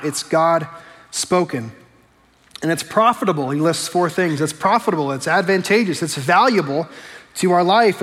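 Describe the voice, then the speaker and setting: Conversational preacher in a reverberant sanctuary. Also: male voice, a little high, fairly bright tone. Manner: conversational preaching, slows and stresses scripture quotes. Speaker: pastor. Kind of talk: sermon. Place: church sanctuary. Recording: long hall reverb.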